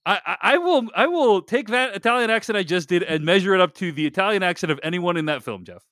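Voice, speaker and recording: A man's voice: sits high, animated, quick pace, a bit bright, no echo, clean studio sound. A man hosting a film podcast, reviewing movies in a wry, chatty way and answering his own questions. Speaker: podcast host. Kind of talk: casual film review chat.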